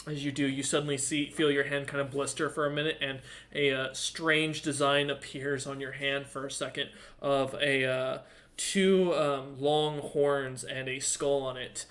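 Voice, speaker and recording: A man's voice: mid-range voice, flat delivery, a little slow, a bit bright. A man running a tabletop game as game master, narrating casually with many hesitations.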